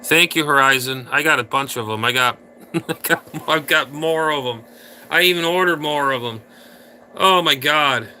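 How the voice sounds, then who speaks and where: A man hosts a casual livestream, drifting from crude rants to chatting with viewers. His voice is bright and very sharp, with a faint hiss in the background. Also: a little high, normal speed. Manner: rambling, crude and ranting. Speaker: livestream host.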